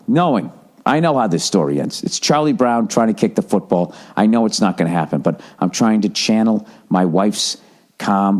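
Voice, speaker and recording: A man's voice: on the low side, a little mellow. Exasperated, profane man ranting. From Massachusetts. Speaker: podcast host. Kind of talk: casual monologue.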